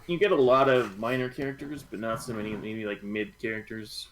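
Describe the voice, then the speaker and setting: A man co-hosting a casual book club podcast, speaking in a measured, slightly hesitant and thoughtful way. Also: on the low side, fairly even intonation, a bit bright, low-quality recording. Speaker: podcast co-host.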